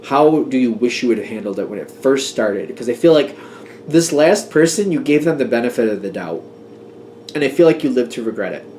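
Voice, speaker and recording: A man in the middle of a relaxed tarot reading, talking freely. He grows emphatic and worked up about his point, then laughs it off. His voice sits at an ordinary pitch over a faint background hiss. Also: a little fast. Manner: chatty, emphatic, gets worked up and laughs at himself. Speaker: tarot reader. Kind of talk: casual tarot reading monologue.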